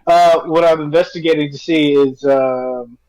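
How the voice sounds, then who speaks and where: A man's voice: on the high side, steady tone, moderate pace, a little mellow, poor audio. A man playing a tabletop game, hesitant and thinking aloud about his next move. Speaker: player.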